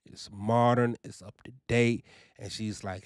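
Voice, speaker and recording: A man's voice: on the low side, steady tone, a little slow, clear, resonant tone, no room sound, clean studio sound. A young man talking casually and animatedly about his trucking orientation, often saying "you know" and "man.". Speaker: trucking vlogger. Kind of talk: casual first-person review.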